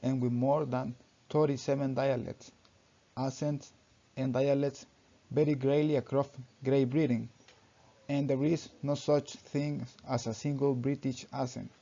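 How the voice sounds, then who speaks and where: A young man reading a class presentation aloud, halting and often restarting his sentences with "so", in a dull lo-fi recording. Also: medium pitch, level tone, warm tone. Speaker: student presenter.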